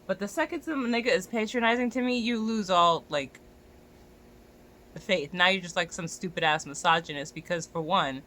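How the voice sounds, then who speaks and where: Exasperated young dog walker ranting, bright voice. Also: mid-range voice, normal speed, slight background noise. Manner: exasperated, profane, rising to near-shouts. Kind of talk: ranting vlog to camera.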